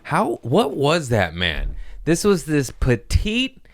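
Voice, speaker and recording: A man's voice: fairly high pitch, huge pitch swings, slow. A young man doing a crude, rambling comedy monologue as a podcast host, often laughing at his own jokes.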